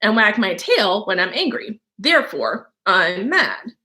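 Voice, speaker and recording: A woman doing a grinning, teasing cat who stretches each word out slowly and lets the pitch swing up and down. The voice is bright and lively, pleased with its own riddles. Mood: sly.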